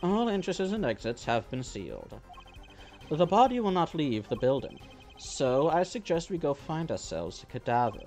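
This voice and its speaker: A man voicing a suave, smug male rock-star prosecutor, speaking in a smooth, unhurried, lowered voice over faint game music. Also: big pitch swings, darkish tone.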